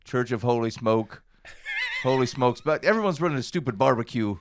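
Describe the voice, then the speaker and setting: A man's voice: medium pitch, expressive, normal speed, a little hiss or hum. A man co-hosting a podcast in casual chat, wry and rambling, laughing easily. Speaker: podcast co-host.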